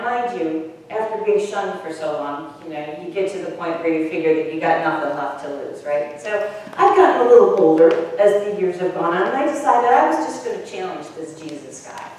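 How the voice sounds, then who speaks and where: A woman's voice: medium pitch, a little mellow, slight background noise, natural voice. A woman playing a wry outcast woman at the well. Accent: Upper Midwest American. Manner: wry, conversational storytelling. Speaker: pastor. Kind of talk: first-person dramatic monologue in a sermon. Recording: echoey hall from far off.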